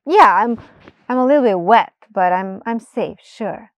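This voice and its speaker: A woman voicing a small, anxious young male mouse who talks in excited, stammering bursts. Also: measured pace, no echo, lightly acted. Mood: hesitant. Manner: excited, stammering, high-pitched.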